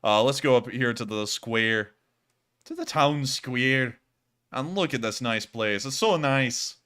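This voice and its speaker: A man hosts a casual live stream with a bright, forceful voice. He chats loosely and cracks jokes as he goes. His pitch sits in the ordinary middle for a man. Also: takes it slowly, clean tone. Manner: jokey, loose and chatty. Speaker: host of a live war-news stream.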